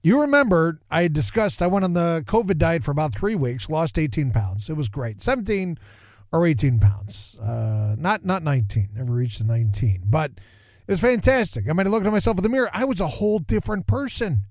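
A man hosting his podcast in a casual monologue, rambling and animated, often interrupting himself. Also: fairly high pitch, fairly quick, no room sound, clean studio sound. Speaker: podcast host.

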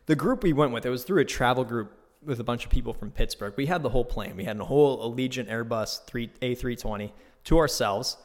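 A man hosting his own podcast, telling a trip story in a casual, profane, animated way from a new, unfurnished home studio. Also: mid-range voice, fast. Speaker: podcast host. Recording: echoey bare room.

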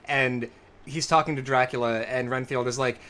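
A man co-hosting a casual podcast chat, laughing often and slipping into quick impressions. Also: medium pitch, steady tone, fairly bright tone. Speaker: podcast co-host.

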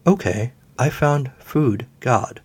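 A man voicing a polite, literal-minded phone voice assistant in a read-aloud play, with a flat, pleasant, accentless delivery. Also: mid-range voice, takes it slowly, husky. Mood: bland.

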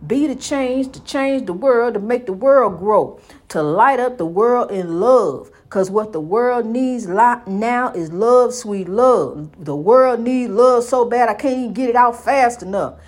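Fervent preaching woman, slightly high voice. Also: measured pace, darkish tone. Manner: fervent, repetitive, calls listener "honey". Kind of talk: preaching, inspirational monologue.

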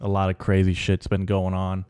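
A man hosting his own podcast, talking alone in a casual, rambling way and telling absurd jokes with a deadpan delivery. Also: deep voice, normal speed, smooth. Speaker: podcast host. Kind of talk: solo comedic podcast monologue.

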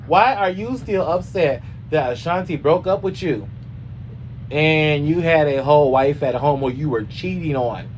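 A man hosting a casual gossip show, sassy and animated, often swooping up into high squeals. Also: a little hiss or hum. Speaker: host.

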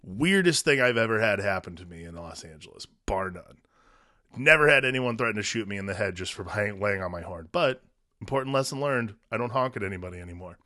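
A man co-hosts a podcast in easygoing casual talk, sharing his thoughts plainly. His voice sits fairly low but sounds bright, and the recording is dry. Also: animated, fairly quick, no room sound. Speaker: podcast co-host. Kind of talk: casual chat.

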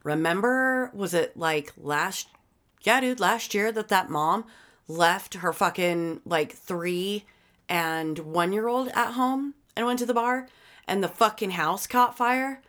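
A woman's voice: mid-range voice, slow, a bit bright. A young adult woman in casual chat, blunt and emphatic, with lots of swearing.

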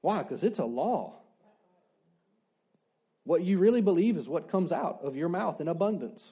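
A male pastor delivers a sermon in a relaxed, talky way. His voice sits a little high but stays soft and mellow. He keeps asking the congregation questions and restating his main points. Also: normal speed, breathy edge. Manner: conversational preaching with rhetorical questions and repeated declarations.

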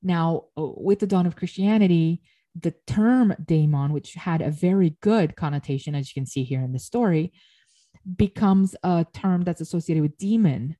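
Woman explaining an old myth lecture style, lowish warm mellow voice, fixes her words as she goes. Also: normal speed. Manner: explains as she reads, often corrects herself mid-phrase.

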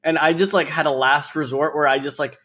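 A man in relaxed conversation who circles his point with constant fillers. He talks candidly and drops a curse when something frustrates him. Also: fairly high pitch, brisk. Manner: loose, filler-heavy storytelling with frequent "like"; candid and profane when exasperated. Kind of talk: casual chat.

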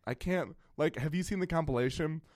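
A man's voice: on the high side, a little fast, darkish tone, dry recording, clean studio sound. A young man co-hosting a casual comedy chat, playful and theatrical, laughing often. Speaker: podcast co-host.

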